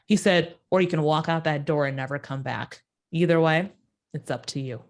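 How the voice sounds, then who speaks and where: A woman guest in an interview telling a personal story, acting out the quoted voices with sudden jumps in pitch. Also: normal speed.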